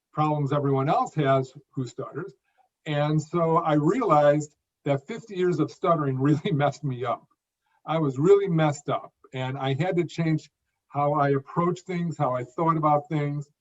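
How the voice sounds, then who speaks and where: A man around sixty, a guest in an interview, speaking in emphatic phrases with occasional repeated words. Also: fairly high pitch. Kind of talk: conversational interview. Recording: dull lo-fi audio.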